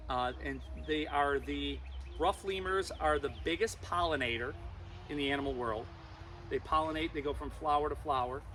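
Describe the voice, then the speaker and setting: Brief: man, animal show host for kids, jokey, a touch high-pitched, faint noise behind. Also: normal speed, fairly bright tone. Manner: playful, joking with the kids.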